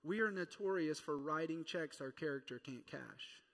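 The reverb of a church hall surrounds this thirty-something pastor as he preaches at a normal pace. His voice is a little high and a bit bright, with vocal fry, and his playful, conversational delivery includes acting out quotes.

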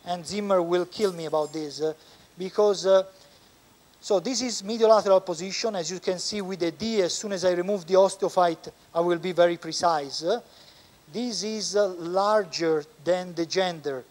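A man with an Italian accent, a surgeon explaining a knee operation step by step as he works in the operating room, pausing often. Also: high voice, a little mellow. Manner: explains step by step, halting with frequent pauses. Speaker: orthopedic surgeon. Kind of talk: live surgical teaching demonstration.

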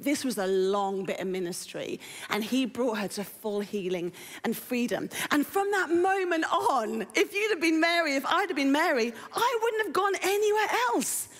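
A woman preaches to a congregation in an easy, conversational way and keeps putting questions to them. Her voice sits fairly high. The sound rings out with a long reverb in a big church hall. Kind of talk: sermon. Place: church auditorium.

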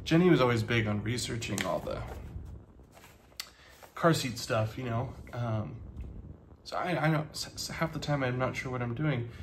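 A man in his thirties talking casually to the camera, halting with many pauses, earnest and grateful. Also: medium pitch, slight background noise. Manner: halting, soft-spoken, many ums and pauses. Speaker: vlogger and teacher.

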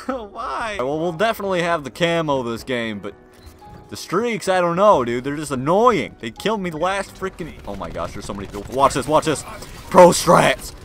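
Young guy playing a shooter, bright voice, mumbles then yells, game music and gunfire behind. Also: a little high, fairly quick. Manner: excitable, slangy, mutters then yells at the game. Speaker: gaming video creator. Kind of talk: live gameplay commentary.

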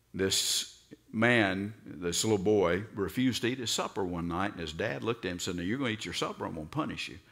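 Low-voiced Southern pastor preaching. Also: male voice. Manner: storytelling, acts out voices with sudden loud outbursts. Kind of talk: sermon.

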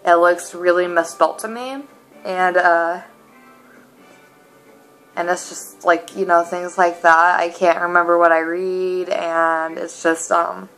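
A young woman in a casual home vlog, talking in a rambling, halting way full of asides from her apartment. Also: lowish voice, level tone, fairly bright tone, faint music behind, low-quality recording. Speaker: vlogger.

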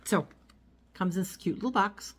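Her voice is husky and medium-pitched, moving at a moderate pace. This vlogger unboxes and shows off a haul of small items at home, chatting and rambling as she handles each one, recorded on a phone amid crinkling packaging.

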